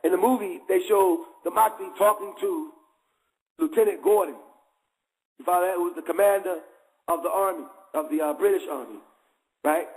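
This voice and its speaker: A man's voice: high-pitched, normal speed, long pauses, low-quality recording. A man hosting a show, preaching in a casual, conversational way and constantly checking in with his listeners. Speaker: host.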